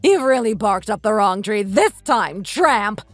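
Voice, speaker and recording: A woman's voice: medium pitch, animated, a little slow, no echo, soft background music, voice pushed down. A woman voicing a bossy, scornful sixty-year-old mother-in-law in a texting story, scolding and insulting. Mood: furious.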